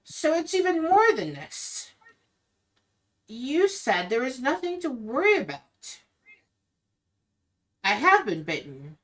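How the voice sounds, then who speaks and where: A woman's voice: sits high, wildly swooping pitch, slow, long pauses, a bit bright, distant mic, voice pushed up, full character voice. A woman voicing a torn, questioning young woman who speaks in a pleading, emotional way. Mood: distraught.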